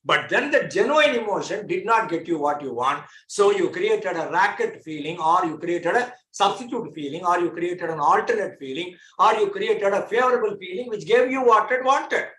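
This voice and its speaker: A man lectures a class in a bright, forceful voice that sits a little high. He explains with homely examples and drives points home by repeating phrases. The sound is echoey, as in a bare room. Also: animated, normal speed, hardly any pauses.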